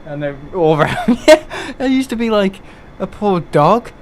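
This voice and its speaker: A young man chats loosely on a live gaming stream, his voice sitting a little high. He rambles from one thought to the next, laughs a lot and pokes fun at himself, with a faint hum of background noise. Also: expressive, a little slow. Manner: rambling and chatty, laughs often, self-mocking. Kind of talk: casual live-stream chat.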